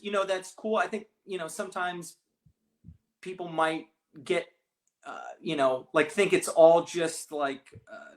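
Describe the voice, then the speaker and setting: A man's voice: a little high, fairly bright tone. A man, a real estate agent, talking casually in an interview, rambling with many restarts and fillers. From California, raised partly abroad.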